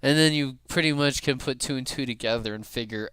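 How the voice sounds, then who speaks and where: A man giving excited fan commentary on an animated show, emotional and often laughing. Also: medium pitch, fairly quick, few pauses, smooth, no echo.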